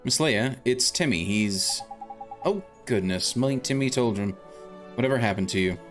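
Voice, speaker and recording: A man's voice: medium pitch, animated, moderate pace, fairly bright tone, soft background music, close to an everyday voice. A man voicing a fussy, doting older woman who owns a cat in a video game, cooing and fussing as she talks. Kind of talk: reading game dialogue aloud.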